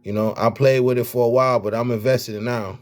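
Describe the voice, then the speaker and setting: A man's voice: medium pitch, fast. A man with a Miami accent, a rapper and vlogger, talking casually about football with lots of slang and repeated words. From United States. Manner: animated, slangy, repeats himself. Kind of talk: casual sports talk vlog.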